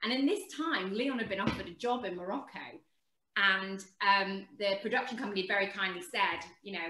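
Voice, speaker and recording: A woman, telling a lively anecdote as a guest and acting out the quotes. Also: mid-range voice, normal speed, echoey room, low-quality recording. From England. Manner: animated storyteller, acts out quotes. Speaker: actress guest.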